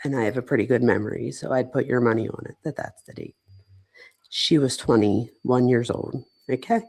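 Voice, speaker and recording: A woman's voice: very deep voice, normal speed, creaky, a little mellow. A woman psychologist hosting a casual true-crime livestream, talking loosely with frequent "like"s and self-corrections. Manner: chatty and loose, with many "like"s and self-interruptions.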